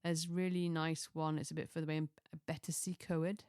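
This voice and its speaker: A middle-aged woman chats in a relaxed, rambling way, doubling back on herself and chuckling at her own asides. Her voice sits slightly low. The recording is dry and close, with no room sound. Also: normal speed, clean tone, no echo. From Chester, England. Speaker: lifestyle vlogger. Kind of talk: casual chatty monologue.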